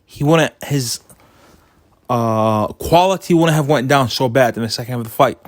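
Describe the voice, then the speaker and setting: A man's voice: medium pitch, normal speed, dry recording. Opinionated man talking boxing, dry mic. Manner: opinionated, animated when retelling funny moments. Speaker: boxing commentator. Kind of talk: casual commentary monologue.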